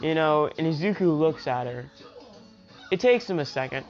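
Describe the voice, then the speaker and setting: A woman's voice: sits low, lively intonation, normal speed, darkish tone, soft background music. A woman casually retelling a fan story, rambling with lots of filler asides. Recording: dull lo-fi home recording.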